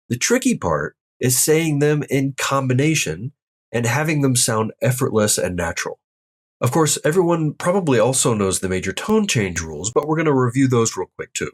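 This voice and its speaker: A man teaching an online language lesson, explaining tone rules step by step and demonstrating each sound aloud. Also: mid-range voice. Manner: upbeat, addresses viewers directly. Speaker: Mandarin tone teacher.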